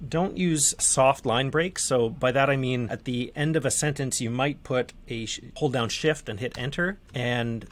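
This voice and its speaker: A man teaching manuscript formatting in a relaxed, conversational screen-share tutorial, with fillers and restarts. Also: mid-range voice, a little slow, few pauses.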